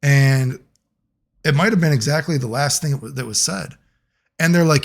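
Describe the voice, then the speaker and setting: A man telling a long personal story in a casual monologue, rambling and profane, getting animated when he quotes other people. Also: a little high, moderate pace, gravelly, long pauses. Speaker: video creator.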